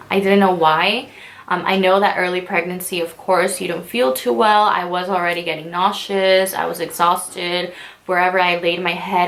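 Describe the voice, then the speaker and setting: A woman's voice: on the low side, creaky, fairly bright tone. A young woman in her twenties telling her own story in a vlog, her voice catching as she talks through tears, with many fillers. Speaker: vlogger. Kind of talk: emotional personal storytelling.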